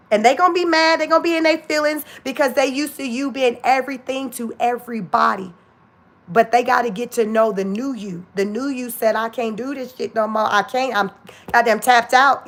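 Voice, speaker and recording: Forty-something woman ranting casually on a livestream, kinda high voice, swears a ton, laughs all the time. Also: a bit bright. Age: 40s. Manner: blunt, profane, laughing often. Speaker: livestream host.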